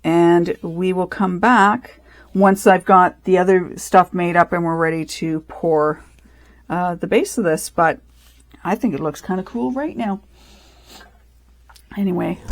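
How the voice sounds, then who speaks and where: Woman crafter, casual running commentary, slightly low pitch, dry close sound, rambling. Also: a little slow, no room sound. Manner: rambling, self-correcting, thinking aloud. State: out of breath. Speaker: resin crafter.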